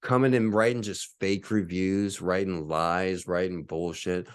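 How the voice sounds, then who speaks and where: Man in his forties, podcast host, low voice, dry close sound, swearing, boastful, combative rant. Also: fairly even intonation, unhurried, hardly any pauses, smooth, dry recording. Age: 40s. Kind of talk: ranting podcast monologue.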